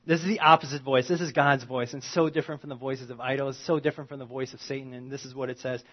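A man preaching a sermon in a conversational, animated way, swinging from loud emphasis to quiet asides. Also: medium pitch, quick pace, lo-fi sound. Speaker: pastor.

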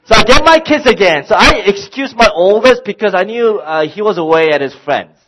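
A middle-aged man, a pastor, preaching a sermon and telling a personal story in an animated way, acting out his own exasperation. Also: high-pitched, a little fast, poor audio.

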